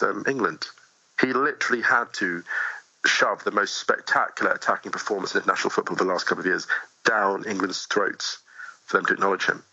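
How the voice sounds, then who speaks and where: A man talking as a guest in a casual podcast chat, animated and quick with asides, often laughing easily. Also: sits low, creaky, husky, no room sound, muffled recording. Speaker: guest poet.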